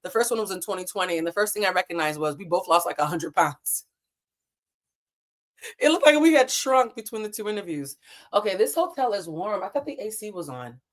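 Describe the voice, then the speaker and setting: A woman in her thirties hosting a casual livestream from a hotel room. She talks in a candid, animated way and swears freely. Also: mid-range voice, brisk. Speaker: livestream host.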